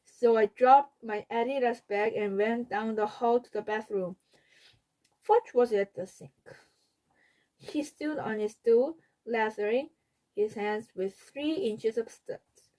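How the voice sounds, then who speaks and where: Slow, careful woman reading aloud. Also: fairly high pitch, dark tone, poor audio. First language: Korean. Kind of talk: reading a children's book aloud.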